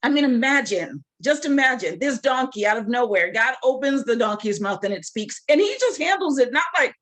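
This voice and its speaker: A woman leading a casual Bible study, reading scripture aloud and asking her group animated rhetorical questions. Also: high-pitched, moderate pace.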